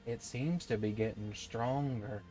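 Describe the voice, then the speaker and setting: A man's voice: medium pitch, measured pace, dark tone, soft background music. A man narrating a tabletop game as dungeon master in a casual, easygoing way.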